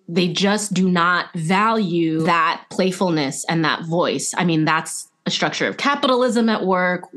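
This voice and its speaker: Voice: medium pitch, a bit bright. A podcast guest in a reflective interview who talks earnestly, laughs often and circles back on their own words. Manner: earnest, laughs often, speaks in looping restarts. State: emotional.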